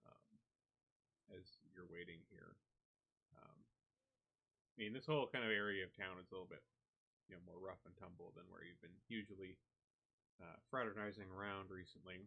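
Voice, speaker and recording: A man narrating a tabletop game as game master, relaxed and peppered with hedging fillers. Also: on the low side, phone-quality sound.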